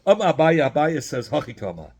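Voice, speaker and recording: A man's voice: a little high, very animated, brisk, darkish tone. A man teaching a Talmud study lesson, explaining by repeating phrases and asking questions, mixing in Hebrew and Yiddish terms.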